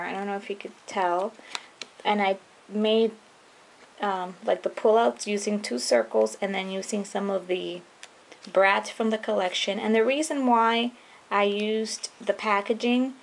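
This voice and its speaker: A young woman casually walking through her handmade scrapbook album, chatty and relaxed, with frequent ums and trailing-off phrases. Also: medium pitch, vocal fry, slight background noise. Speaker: scrapbooking vlogger. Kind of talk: casual show-and-tell walkthrough.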